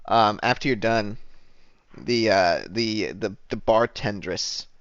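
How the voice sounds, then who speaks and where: A man narrating as game master of a tabletop game, halting and full of fillers. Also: fairly low pitch, fairly bright tone, dry recording, highs cut off.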